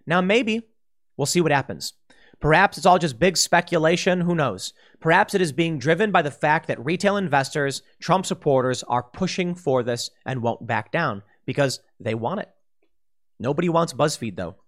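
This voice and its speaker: A man's voice: fairly high pitch, animated, moderate pace, a bit bright. A man giving opinion commentary in an exasperated, combative ranting manner. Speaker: political commentator.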